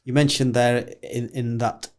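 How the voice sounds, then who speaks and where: A man hosting a podcast interview, asking questions in a measured, rambling way with hesitations. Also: medium pitch, flat delivery. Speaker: podcast host.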